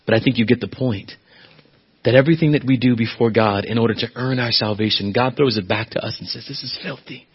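A pastor preaching a sermon, swinging from quiet, low asides to loud, emphatic, high-pitched appeals. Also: male voice, breathy edge, lo-fi sound.

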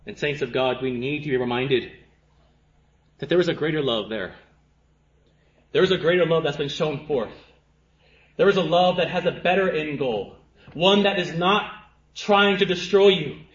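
A man's voice: on the high side, moderate pace, long pauses, lo-fi sound. Impassioned male preacher in an echoey room. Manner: impassioned, swings from hushed to fervent; repetitive rhetorical questions. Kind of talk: sermon.

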